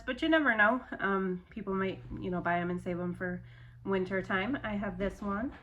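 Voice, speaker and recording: A woman's voice: mid-range voice, fairly bright tone, slight background noise. Woman chatting loosely about her crafts. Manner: loose, rambling, with frequent fillers and restarts. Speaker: crochet seller showing her stock. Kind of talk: casual chat.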